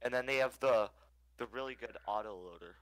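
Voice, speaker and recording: A man's voice: medium pitch, fairly quick, no echo, rough recording. A man chatting casually with a streamer over game voice chat, teasing him and gushing about tanks. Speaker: fellow player on voice chat.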